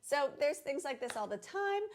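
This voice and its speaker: A woman co-hosting a casual chat, animated and quick to laugh, often exclaiming in shock. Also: high-pitched. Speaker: co-host.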